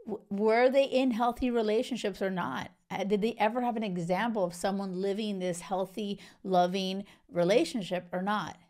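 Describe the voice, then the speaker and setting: A woman's voice: medium pitch, steady tone, normal speed, a little mellow. A young woman hosting a casual talk about a reality show, effusive and chatty, with many fillers and restarts. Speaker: host. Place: lives in Spain.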